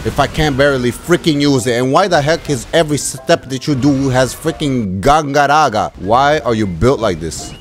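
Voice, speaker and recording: A man giving animated let's-play commentary as a gaming YouTuber, ranting and swearing mildly with sudden shouted outbursts. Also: mid-range voice, moderate pace, faint music behind.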